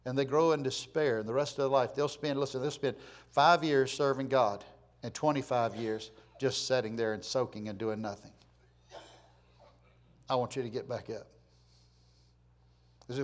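A man preaching a sermon, reading scripture loudly and with emphasis, then dropping to quiet, plainspoken asides. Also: medium pitch, brisk.

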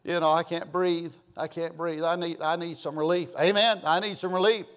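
Middle-aged male pastor, folksy and emphatic, a touch high-pitched. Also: fairly even intonation, normal speed, a bit bright, clear, resonant tone. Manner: folksy storytelling, rising to emphatic preaching. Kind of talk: sermon.

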